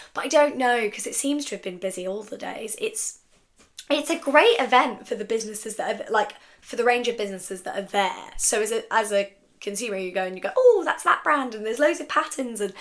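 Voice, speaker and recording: A woman from England chatting casually in a sewing vlog, telling stories in an animated way with lots of asides. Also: medium pitch. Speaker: sewing vlogger.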